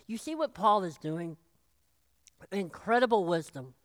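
Animated preacher, slow and lively. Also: medium pitch, no room sound, clean studio sound. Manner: animated, acts out voices of biblical figures. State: choked up, clearing throat often. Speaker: pastor. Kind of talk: sermon.

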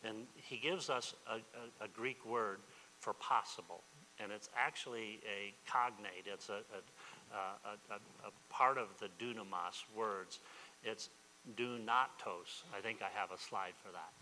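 A man's voice: fairly low pitch, measured pace, sharp tone, a little hiss or hum. Emphatic preaching man in an echoey hall. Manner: repetitive, emphatic preaching with restarts. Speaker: pastor. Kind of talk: sermon.

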